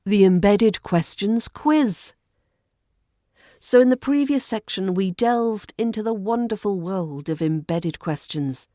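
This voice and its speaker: Slow, dry-voiced English accent coach. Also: female voice, medium pitch, lively intonation, mellow, no echo. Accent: Southern English RP. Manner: clear, measured, polite teaching delivery. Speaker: British accent coach and podcast host. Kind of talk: scripted podcast lesson.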